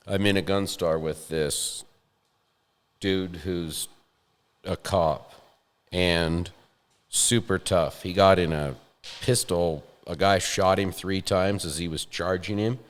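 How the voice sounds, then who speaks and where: A man hosting a podcast, telling a funny story in a self-deprecating way with chuckles. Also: low-pitched. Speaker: podcast host. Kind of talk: storytelling in casual chat. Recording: roomy with long reverb.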